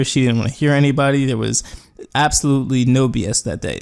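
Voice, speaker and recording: A man's voice: medium pitch, fairly quick, creaky, a little mellow, clear, resonant tone. A young man casually telling a rambling story, with fillers and quoted voices. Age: young adult. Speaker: gaming YouTuber. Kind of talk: storytelling over gameplay.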